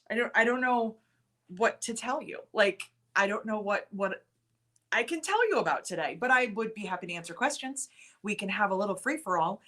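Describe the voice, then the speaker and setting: A young adult woman hosts a casual live stream with a bright, forceful voice. She chats loosely with her viewers, reads their comments aloud and laughs often. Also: mid-range voice. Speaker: livestream host.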